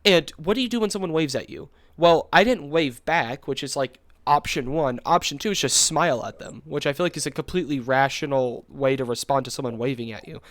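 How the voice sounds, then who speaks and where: A young man tells a story on a casual podcast in a loose, rambling way, full of filler words and quick laughs. His voice sits a little high for a man. The sound is dry and close, with no room around it. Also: fairly bright tone, dry recording. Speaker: podcast co-host.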